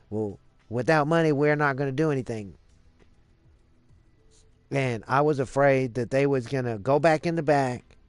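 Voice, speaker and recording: A man's voice: a little high, dry recording. A man live streaming, telling a story in a rambling casual way, cursing freely and leaning on lots of fillers. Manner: rambling, profane, many fillers.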